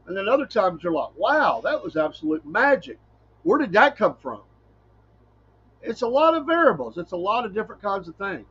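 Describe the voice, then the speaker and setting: Guy rambling on his podcast, kinda husky, dull lo-fi sound. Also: high voice, a bit bright. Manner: folksy, rambling, laughs often. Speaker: podcast host and preacher. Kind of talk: casual solo podcast talk.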